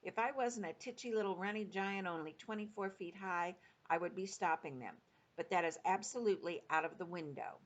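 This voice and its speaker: A woman's voice: fairly low pitch, fairly quick, close to an everyday voice. A woman voicing a kindly big friendly male giant who talks in mangled grammar with made-up words.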